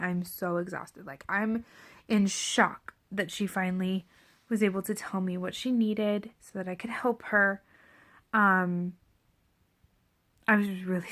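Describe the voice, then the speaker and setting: A woman's voice: medium pitch, a bit bright. A pregnant young woman telling a parenting story to camera in a candid, reflective way, often dropping to a near whisper. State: seven and a half months pregnant. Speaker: parenting vlogger.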